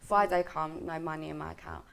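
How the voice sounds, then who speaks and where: A woman's voice: low-pitched, fairly quick, gravelly, slight background noise. A woman, telling a story to friends in a casual vlog chat and acting out the lines of the people in it. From South London. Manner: animated, acts out quoted lines, swears. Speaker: vlogger.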